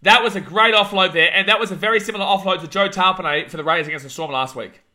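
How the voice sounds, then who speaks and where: A young Australian man hosting a live watch-along of a rugby league match, calling the play, reading chat and ranting, shouting at big moments. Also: high voice, fast talker. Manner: excitable, rants, shouts at big plays.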